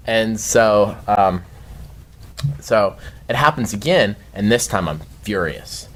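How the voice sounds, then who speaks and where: A man telling a long story as a podcast guest, rambling and swearing freely and shouting the outbursts he quotes. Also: fairly low pitch, slow pace. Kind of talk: casual storytelling chat.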